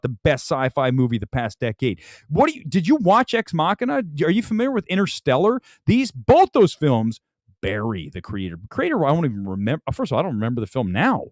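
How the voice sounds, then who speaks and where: A man hosting a movie talk livestream, ranting about films with loud outbursts and low mutters. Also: sing-song, fast talker, no echo, studio quality. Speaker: film critic show host. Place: home room with film boxes and jerseys.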